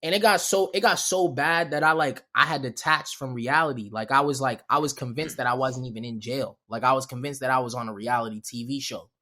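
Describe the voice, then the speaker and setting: A young man casually telling a long, animated story on a podcast, often laughing and acting out what people said in a raised voice. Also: mid-range voice, fairly quick, hardly any pauses.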